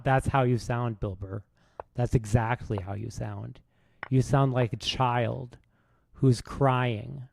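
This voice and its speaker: Slow, gravelly man roasting between chess moves. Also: medium pitch, a little mellow, no echo. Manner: rude, rambling roast with many restarts. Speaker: chess streamer. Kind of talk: casual streaming commentary while playing.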